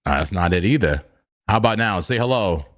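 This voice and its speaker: Animated male crypto livestream host. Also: on the low side, brisk. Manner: animated, joking, repeats himself. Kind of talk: casual livestream chat.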